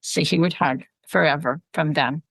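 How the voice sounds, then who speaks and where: A middle-aged woman, a podcast guest and author, chatting casually and telling personal stories in an animated way. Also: low-pitched, normal speed, creaky, husky, no room sound. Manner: animated storytelling, chatty asides. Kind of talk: casual chat.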